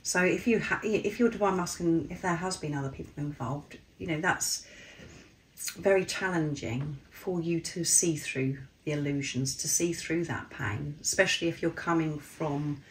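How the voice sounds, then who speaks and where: A woman with a low, slightly husky and croaky voice gives an earnest channeled reading, pausing and circling back over her phrases. Her tone stays soft and sincere. A faint background hiss sits under the recording. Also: poor audio. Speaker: spiritual card reader.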